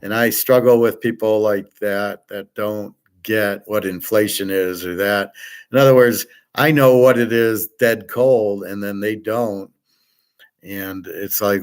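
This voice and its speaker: A man's voice: fairly low pitch, steady tone, unhurried, clear, resonant tone. A middle-aged man hosting his own show, talking in a blunt, self-assured, rambling monologue and often repeating words as he rants. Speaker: podcast host.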